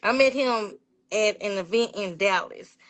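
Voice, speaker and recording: A woman from Texas, a guest telling lively, animated stories in a casual interview and acting out the voices she quotes. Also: medium pitch, unhurried. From Fort Worth, Texas. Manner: says "y'all", lively and chatty. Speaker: interview guest, PR business owner.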